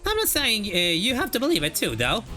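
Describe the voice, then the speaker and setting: A game streamer putting on a stern older woman who bluntly warns two youngsters off, pitched higher than the streamer's own talk. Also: wildly swooping pitch, brisk, pushed and bright, soft background music. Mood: scolding. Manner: scolding, blunt, warning.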